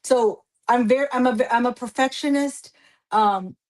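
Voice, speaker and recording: Woman guest singer from Texas; effusive, emotional, quick to laugh at herself, voice sitting a little high. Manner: emotional, effusive, self-deprecating. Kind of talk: casual radio interview.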